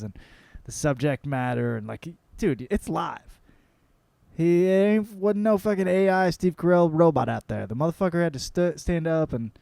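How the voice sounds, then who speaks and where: A young man, hosting his own podcast, tells a story in a rambling, excitable way and swears often. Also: medium pitch, no room sound. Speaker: podcast host. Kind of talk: casual storytelling monologue.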